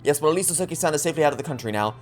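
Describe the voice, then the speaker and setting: A woman voicing a polite young Japanese female assistant in a soft, courteous manner. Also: low-pitched, expressive, rapid-fire, soft background music. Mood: concerned.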